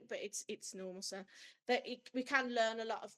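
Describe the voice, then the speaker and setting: A woman's voice: a little high, steady tone, normal speed, a bit bright, rough recording. A woman, a suicide prevention trainer and mother, talking in a chatty, self-deprecating way in an online workshop.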